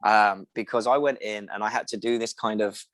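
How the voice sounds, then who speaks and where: A man's voice: on the low side, fairly quick, no echo. A young man, an actor from England, chatting as a podcast guest and telling anecdotes with acted-out quotes. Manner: animated storyteller, acts out quoted voices. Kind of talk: casual interview chat.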